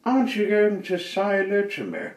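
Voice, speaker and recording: Cheeky little goblin, high and bright, put on by a male storyteller; lively, echoey distant recording. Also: normal speed. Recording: roomy, slightly distant mic.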